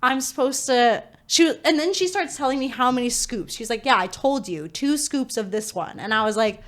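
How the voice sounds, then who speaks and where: Woman podcast co-host, fairly high voice, casual animated storyteller who laughs often and leans on filler words. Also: normal speed.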